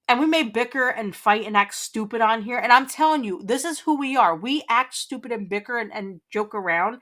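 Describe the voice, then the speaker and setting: A woman's voice: medium pitch, a bit bright. A woman hosting a casual livestream, reading chat aloud, teasing and laughing often, rambling with restarts. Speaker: livestream host.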